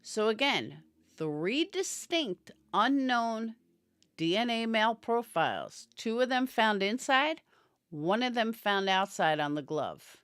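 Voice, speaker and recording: On a live stream, a woman shares casual, opinionated takes on a true crime case, replying to viewers by name while yawning from tiredness. Her voice is a little high, sing-song, and slow, with a fairly bright, smooth tone in a dry recording.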